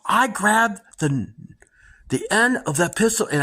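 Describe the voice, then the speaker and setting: A middle-aged woman host telling dramatic personal stories to her viewers in a casual, animated way. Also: mid-range voice, takes it slowly. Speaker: homestead channel host.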